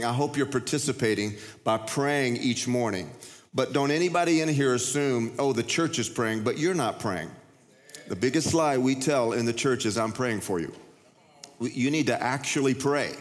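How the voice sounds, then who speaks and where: Folksy pastor in a reverberant hall. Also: male voice, mid-range voice. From United States. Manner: folksy, conversational preaching with repeated restarts. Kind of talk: sermon. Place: church sanctuary. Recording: long reverb of a large hall.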